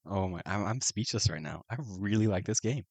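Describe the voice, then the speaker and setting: A man playing a solo folk-horror tabletop game, reading the prompts aloud and reacting with excited exclamations. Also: on the low side, brisk, vocal fry, no echo. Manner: excitable, keeps saying oh my goodness. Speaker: solo tabletop RPG player.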